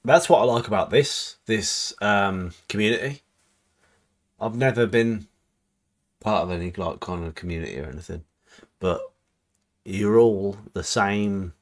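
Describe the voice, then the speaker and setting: A man's voice: fairly low pitch, measured pace, pauses often. A man co-hosting a livestream, bantering and reading viewer comments aloud in a chatty way. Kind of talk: casual chat on a livestream.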